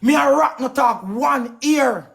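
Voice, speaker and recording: A man's voice: very high-pitched, slow, gravelly, a bit bright. A man with a Jamaican accent on a live stream, ranting hard, swearing often and repeating himself for emphasis. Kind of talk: heated live-stream rant.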